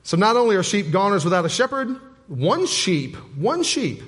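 Pastor, male, high voice; folksy, punchy sermon delivery in a church sanctuary. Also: very animated, moderate pace, fairly bright tone, slightly rough. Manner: folksy, emphatic preaching with repetition and humor. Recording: long hall reverb.

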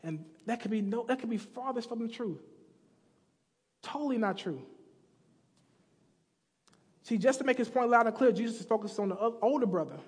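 High-pitched guy preaching, tells stories and does little slang voices, church reverb trailing off. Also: normal speed, long pauses, a little mellow, slightly rough. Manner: acts out characters with slang voices. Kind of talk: sermon storytelling. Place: church sanctuary.

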